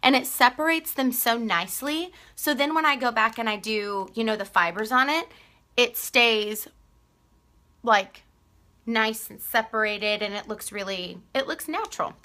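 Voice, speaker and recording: A woman with a Texan accent hosts a casual live-stream sales chat about mascara, her tone bright and forward. Her voice sits a little high, and she chatters along, laughing often and calling out viewers by name. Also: unhurried. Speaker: live-stream makeup seller.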